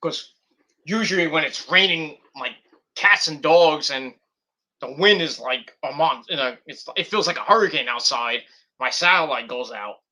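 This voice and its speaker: A man's voice: on the high side, normal speed, bright, forceful tone. A man vlogging casual, rambling commentary, swearing freely and drifting off on tangents. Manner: rambling, profane, goes off on tangents. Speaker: wrestling review vlogger.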